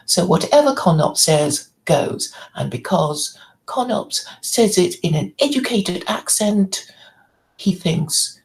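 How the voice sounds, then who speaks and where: A woman's voice: lowish voice, gravelly, darkish tone, poor audio. A woman hosting her own channel, delivering an angry, indignant monologue full of swearing. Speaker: channel host. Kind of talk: ranting monologue to camera.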